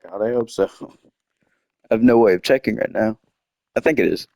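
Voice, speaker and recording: A man's voice: fairly low pitch, moderate pace, vocal fry, dark tone, no room sound. A young man telling a personal story casually while playing a game, often breaking off to comment on what he finds. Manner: rambling, self-interrupting with game asides. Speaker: gaming storyteller. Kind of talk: casual storytelling over gameplay. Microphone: desktop microphone.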